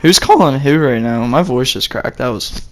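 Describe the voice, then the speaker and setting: Giggly young man, lively voice. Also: medium pitch, normal speed. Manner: giggly and joking, lots of fillers. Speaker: podcast host. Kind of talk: casual podcast chat.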